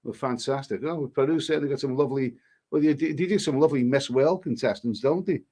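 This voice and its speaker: A man's voice: mid-range voice, fairly quick, warm tone. Cheeky man reading live chat. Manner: jokey, cheeky banter with frequent restarts. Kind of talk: casual live-stream chat.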